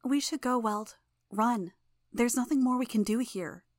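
A woman voicing a young tendril girl with a soft Russian accent, speaking gently in an audiobook reading. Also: on the high side, measured pace, dry recording, clean studio sound, voice pushed up, close to an everyday voice. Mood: soft pleading.

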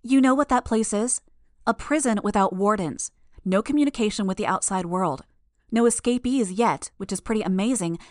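A woman's voice: medium pitch, no room sound, studio quality, lightly acted. A woman voicing a furious, proud young superheroine who threatens her enemies, in an audiobook. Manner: shouting, menacing. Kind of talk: audiobook character voice.

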